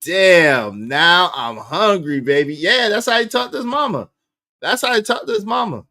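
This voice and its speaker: A man hosting a reaction video, giving blunt, animated commentary and laughing as he talks. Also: high-pitched, moderate pace. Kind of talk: casual commentary on clips.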